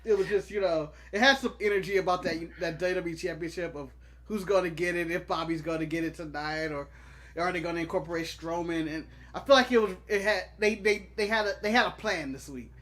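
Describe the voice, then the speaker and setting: A man's voice: high-pitched, fairly quick, a bit bright. A man co-hosting a casual podcast chat, laughing often and joking around. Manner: laughing, jokey, acts out silly quotes. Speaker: co-host.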